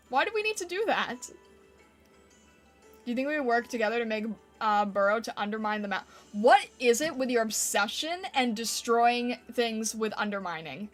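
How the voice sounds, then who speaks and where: A woman with a fairly high voice, chatting on a live stream and answering her viewers' comments in a playful, giggly way. Soft music plays quietly behind her. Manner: playful, giggly, reacting to chat. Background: faint background music.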